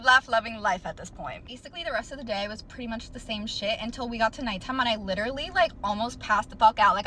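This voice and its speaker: A woman's voice: a little high, pushed and bright, a little hiss or hum. A young woman telling a story in a casual, blunt way, swearing freely and using lots of "like" fillers, with sarcastic asides. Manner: exasperated, sarcastic commentary.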